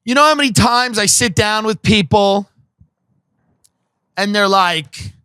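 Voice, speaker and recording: Profane ranting man, bright and dry. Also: high-pitched, measured pace, smooth, dry recording. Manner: profane, sarcastic, mocking. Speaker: podcast host. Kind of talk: comedic rant.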